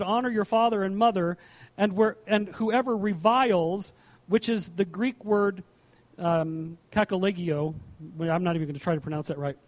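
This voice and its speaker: High-voiced man preaching a casual sermon. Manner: conversational, with asides and repeated restarts. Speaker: pastor. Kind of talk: sermon with scripture reading.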